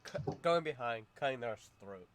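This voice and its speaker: A man narrating a tabletop game as its game master, describing the action in a halting, good-humored way, often chuckling. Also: medium pitch, expressive, fairly bright tone.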